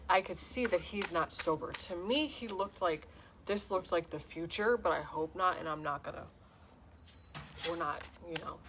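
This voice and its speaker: A woman's voice: fairly low pitch, noisy background. A woman giving a casual spiritual tarot reading to camera, talking in an earnest, heartfelt, rambling way. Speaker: tarot reader and self-described healer.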